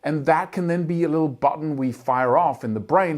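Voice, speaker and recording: A man's voice: a little high, a little fast, darkish tone. Emphatic man teaching guitar technique. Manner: earnest, emphatic explaining, often vocalizes picking rhythms with syllables. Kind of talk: instructional talk to camera.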